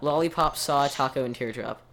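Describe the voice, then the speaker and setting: A man's voice: medium pitch, brisk, a bit bright, slight background noise. A man co-hosting a podcast, chatting casually and rambling through explanations with many restarts. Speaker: podcast co-host. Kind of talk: casual chat.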